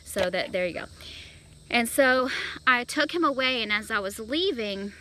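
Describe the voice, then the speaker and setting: Young woman talking to her phone on a walk outside, bright voice, kinda breathless, chatty with lots of ums. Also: a little high, expressive, normal speed, low-quality recording. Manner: chatty, many fillers and restarts. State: slightly out of breath. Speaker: vlogger. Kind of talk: casual vlog storytelling. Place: outdoors in a yard. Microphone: phone camera held while walking.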